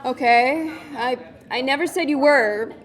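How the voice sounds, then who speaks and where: Brief: high-pitched woman, teasing co-host, playful comedic banter. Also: a little slow.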